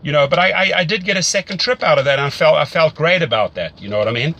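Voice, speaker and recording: A man with a South African accent talks through rideshare strategy with an eager, upbeat energy. His voice sits a little high and rings bright and forceful, and he often doubles words as he works out what to say. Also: lively intonation, quick pace, muffled recording, a little hiss or hum. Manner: enthusiastic, repeats words while thinking. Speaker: rideshare mentor host. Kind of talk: casual mentoring call.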